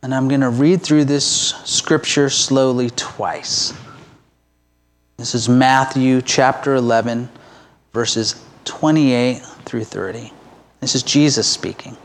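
A man preaching to his church congregation in a relaxed, conversational way, with fillers and restarts, slowing into deliberate pauses. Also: mid-range voice. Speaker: pastor. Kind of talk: informal sermon to a congregation. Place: church sanctuary with rows of seats.

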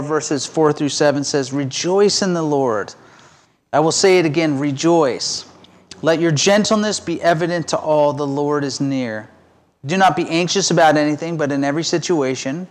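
A middle-aged man giving a conversational, self-deprecating sermon as pastor. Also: on the high side.

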